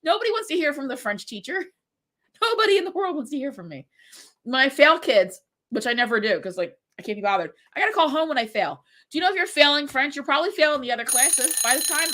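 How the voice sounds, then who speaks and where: A woman's voice: high-pitched, pushed and bright. A woman in her forties, a middle school French teacher, chatting casually from home on a stream with a congested voice, rambling through stories with lots of fillers. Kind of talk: casual livestream chat during writing sprint.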